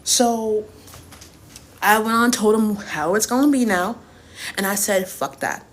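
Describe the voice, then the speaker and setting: A woman's voice: mid-range voice, steady tone, a little slow. A woman in her twenties telling a personal story in a casual rant, blunt and profane, repeating points for emphasis. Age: 20s. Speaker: TikTok creator.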